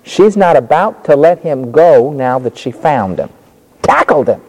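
A man's voice: a little high, big pitch swings, a little slow, darkish tone. A man preaching a sermon, teaching through a Bible passage with dramatic storytelling and acted-out quotes, in a large hall.

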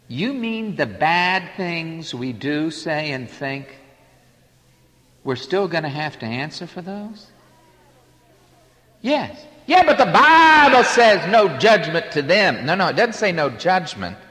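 Male preacher, sermon, emphatic, animated pitch, echoing hall. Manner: emphatic, swings between loud and quiet. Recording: hall reverb.

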